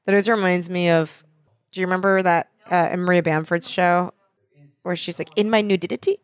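A woman's voice: on the low side, level tone, brisk, clean tone, no echo. A woman reacting to a show in loose, casual chat. She is sarcastic, laughs easily and swears freely. Her voice is recorded close and dry, with no room sound. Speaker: co-host watching a show.

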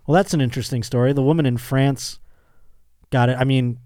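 A male podcast host reads a news story and keeps breaking off to joke about it, laughing along the way. His voice is warm and relaxed, in a mid-range pitch. The sound is dry and close. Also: brisk, no room sound. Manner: joking, riffs on the article, laughs often. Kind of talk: casual comedic chat, reading news aloud.

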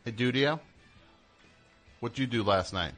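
A man's voice: medium pitch, a little slow, fairly bright tone, faint music behind. A man hosting a radio show, rambling and joking, interrupting himself as he talks into a studio mic. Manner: rambling, jokey, self-interrupting. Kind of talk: casual radio monologue.

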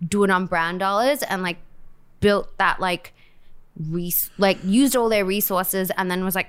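A woman's voice: mid-range voice, unhurried, smooth. A woman in her thirties from Australia with an Australian accent, a DJ chatting casually as a podcast guest and filling her talk with "like.". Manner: chatty, many "like" fillers, laughs easily.

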